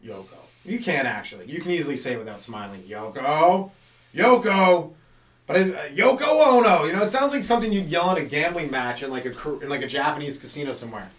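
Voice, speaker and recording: A man's voice: medium pitch, very animated, fast talker, hardly any pauses, fairly bright tone, distant mic. A man doing a loose, rambling stand-up monologue as a comedy podcast host, full of fillers and asides. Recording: echoey room, voice off the mic.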